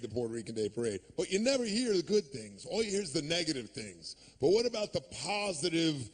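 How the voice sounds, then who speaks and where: A male stand-up comedian, in his thirties, doing a profane, sardonic set on a club stage, jumping into quick character voices. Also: fairly high pitch, noisy background.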